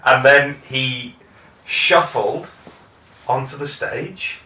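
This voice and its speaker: Male podcast co-host, wry dry humour, bright voice, roomy echo. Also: medium pitch, extremely slow. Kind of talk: casual music chat. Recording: echoey room, distant mic.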